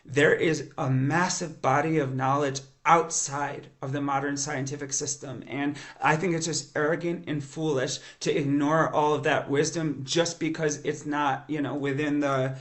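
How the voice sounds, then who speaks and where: A man's voice: fairly high pitch, steady tone, normal speed, hardly any pauses, fairly bright tone. A man teaching science in an eager, conversational lecture, explaining as he goes and often restarting his sentences. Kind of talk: educational lecture monologue.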